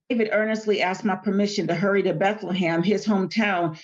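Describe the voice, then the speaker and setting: A woman's voice: mid-range voice, highs cut off. A woman hosting a casual Bible study, reading scripture aloud and retelling it in chatty, everyday terms.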